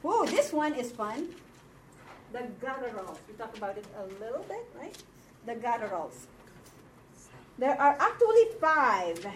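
In this classroom lesson, a Hebrew teacher from the Philippines patiently explains material and checks in with her students. Her voice sits a little high, with slight background noise, and the recording comes from far away in an echoey room.

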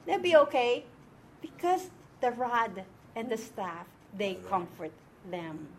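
A woman's voice: fairly high pitch, sing-song, slow pace, a little hiss or hum. A woman teaching an informal Bible and Hebrew lesson to a small group, explaining step by step and often checking that her listeners follow.

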